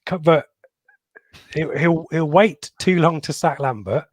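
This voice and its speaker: A middle-aged man co-hosting a football podcast, reading out viewers' comments in a halting, casual way with many pauses and ums. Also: on the high side, dry recording. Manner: halting, lots of ums and restarts. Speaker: podcast co-host.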